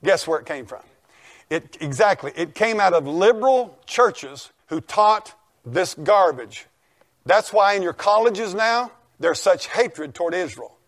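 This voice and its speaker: An older male pastor, preaching a folksy, emphatic sermon that rises to shouts. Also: high voice, lively intonation, a little slow. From United States.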